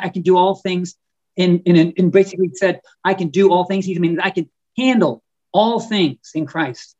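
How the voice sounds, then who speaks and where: A man, an author and guest on a podcast, talking in a fervent preaching style, often repeating words and slowing down on key words. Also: high-pitched, a little mellow, husky, lo-fi sound. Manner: fervent and emphatic, stretching key words slowly; frequent stumbles and repeated words. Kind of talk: preaching-style conversational talk.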